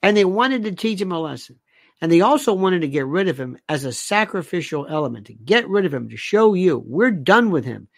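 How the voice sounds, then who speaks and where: A man's voice: high-pitched, animated, brisk, no room sound. A man delivering a rambling monologue, firing off sarcastic rhetorical questions and repeating himself for emphasis.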